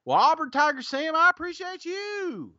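A man's voice: very high voice, sing-song, normal speed, pushed and bright, dry recording, dull audio. A man co-hosting a casual podcast, joking, laughing often and reading listener reviews aloud. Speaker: podcast co-host.

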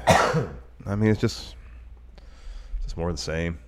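Man, very low voice, stuffy and congested, casual podcast chat, matter-of-fact. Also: slow pace, very noisy. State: congested from a cold. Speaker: podcast co-host.

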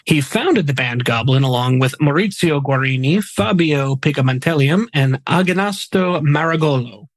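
Male podcast host, slightly high voice, casual reader who slips in jokes. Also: lively intonation, moderate pace, hardly any pauses, dry recording, low-quality recording. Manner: chatty, jokey asides between solemn facts. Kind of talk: casual podcast narration of memorial segments.

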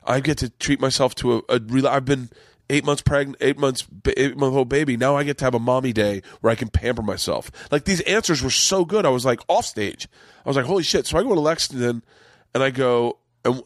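A man's voice: mid-range voice, fairly quick, no room sound. A middle-aged man telling a long rambling story in casual chat, swearing freely and acting out what others said. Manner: rambling, profane, acts out quotes. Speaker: podcast host, comedian.

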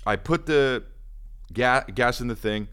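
A man's voice: medium pitch, measured pace, a bit bright, smooth. A man, a comedian and podcast host, telling a rambling, self-mocking story in casual chat.

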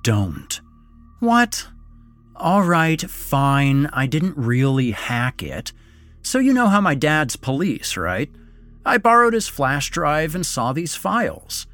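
An actor voicing a brash, excitable young man who talks loud and quick in casual slang in a horror audio drama. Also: fairly high pitch, heavily acted.

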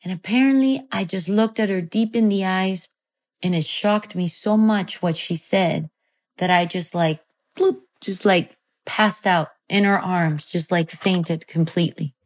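A woman telling a personal story in a casual chat, animated and full of fillers. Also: fairly low pitch, measured pace.

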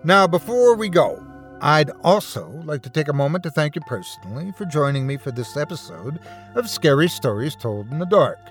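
A man's voice: a little high, normal speed, soft background music. A man hosting a horror story podcast, giving a scripted narration. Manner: expressive storytelling, warm sign-off.

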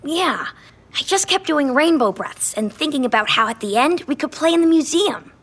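A woman's voice: sits high, expressive, normal speed, fairly bright tone. A woman voicing a curious, playful young boy in a children's audio story, asking eager questions. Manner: eager, chatty.

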